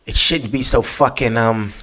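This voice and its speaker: His voice sits in the mid range, bright and pushed, at a moderate pace. This podcast host delivers a casual solo monologue that's loose, emphatic, and profane, tagging many points with "right?"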